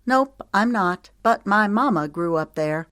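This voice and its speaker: A woman voicing a quick-witted young woman who answers with dry, amused retorts. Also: medium pitch, lively intonation, fairly bright tone, no room sound, pitched above the performer's own voice.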